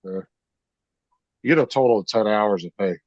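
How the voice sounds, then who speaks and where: A man's voice: lowish voice, normal speed, darkish tone, no echo, lo-fi sound. A blunt man chatting casually on a live stream, swearing now and then. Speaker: school bus district worker.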